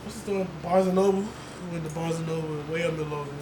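Casting note: young male podcast host, higher voice, lively storyteller, echoey room with background noise. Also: fast talker. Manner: animated storyteller, laughs often, mimics others. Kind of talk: casual chat.

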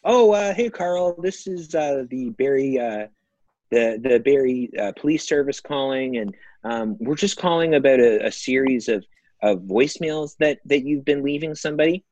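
A man's voice: mid-range voice, lively intonation, moderate pace, darkish tone, dry recording, muffled recording, voice pushed up, close to an everyday voice. A man putting on a hesitant, polite police officer who stumbles over his words. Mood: awkward. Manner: hesitant, full of fillers.

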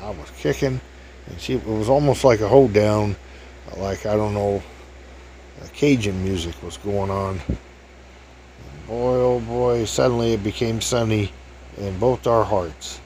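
A man's voice: on the low side, unhurried, long pauses, dark tone, a little hiss or hum. A man in his fifties telling a casual anecdote in a chatty, jokey way, laughing at his own stories. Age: 50s.

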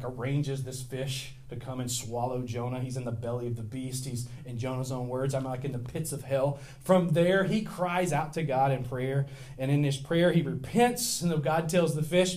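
A man's voice: medium pitch, darkish tone. A middle-aged male pastor preaching a sermon in a casual, storytelling way, with self-deprecating humor and big swings in volume.

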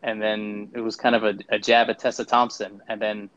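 A man's voice: on the low side, little pitch movement, normal speed, a bit bright, no echo, muffled recording. A man co-hosting a podcast, giving a casual, sarcastic movie review and acting out mocking quotes. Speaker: podcast co-host.

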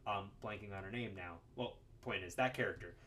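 A man co-hosting a podcast, talking about a film in a casual, animated way, laughing often and restarting his sentences. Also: lowish voice, fairly quick, heavy background noise. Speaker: podcast co-host.

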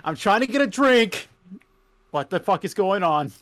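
A man's voice: high-pitched, lively intonation, normal speed, fairly bright tone, voice pushed up. A man playing a rude, drunk customer who calls support about his declined card and curses at the agent. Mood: irate. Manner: crude, aggressive.

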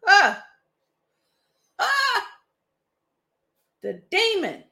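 A woman's voice: sits high, lively intonation, normal speed, bright, forceful tone. A woman hosting a podcast, giving sarcastic, mocking commentary on a book she reads from and often laughing at her own jokes. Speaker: podcast host.

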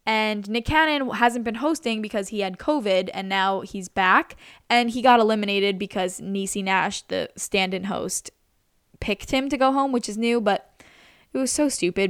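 A woman's voice: medium pitch, fairly bright tone, smooth, no room sound, clean studio sound. A woman of twenty-three chatting casually and gushing about what she has watched, full of "like" and "literally". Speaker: vlogger. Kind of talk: casual chat.

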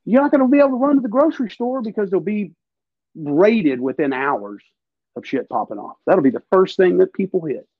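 Gravelly, ranting man. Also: high-pitched, lively intonation, fairly quick, dry recording, narrow, tinny audio. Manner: emphatic, profane, ranting. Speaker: podcast host. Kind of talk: casual political chat.

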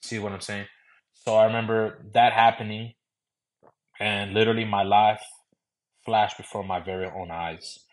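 A man's voice: fairly low pitch, flat delivery, moderate pace, long pauses. Young Texan man telling a story. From San Antonio, Texas. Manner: loose, conversational, repeating "I remember". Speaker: podcast host. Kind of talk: personal storytelling.

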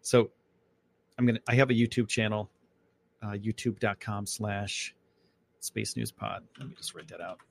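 Male podcast host, gravelly voice, casual rambling chat, lots of fillers. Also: lowish voice, steady tone, normal speed, pauses often. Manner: rambling, loose and chatty with many fillers.

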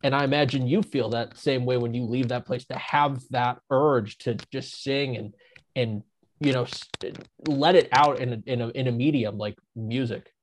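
A man's voice: mid-range voice, steady tone, normal speed. A podcast co-host from northern Ohio who talks in winding, restarting tangents. His voice sits mid-range for a man. A faint hiss runs under the recording. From northern Ohio, United States. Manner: rambling storyteller, many restarts. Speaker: podcast co-host, former reporter. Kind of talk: casual chat.

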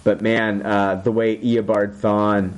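A man casually recapping a TV episode for his co-hosts, excited and swearing freely. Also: fairly low pitch, slow pace. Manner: excited, swears a lot, acts out quotes. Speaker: podcast host recapping a TV episode. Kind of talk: casual chat.

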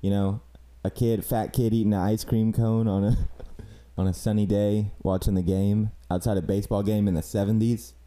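A man's voice: fairly low pitch, flat delivery, moderate pace, warm tone. A young man who is a regular podcast guest, teasing the host in casual banter and laughing often. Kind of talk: casual chat.

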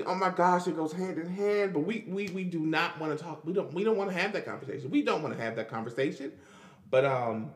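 Male podcast host, fairly high voice, emphatic and repetitive, in a reverberant space. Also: quick pace. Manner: emphatic, repetitive, stammering restarts. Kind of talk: casual solo podcast monologue.

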